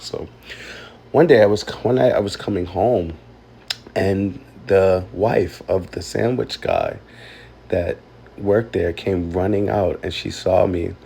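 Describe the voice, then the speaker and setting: A man telling a painful personal story, halting and emotional, close to tears. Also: low-pitched, creaky, warm tone, husky. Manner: emotional, halting, with many ums and likes. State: tearful. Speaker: vlogger.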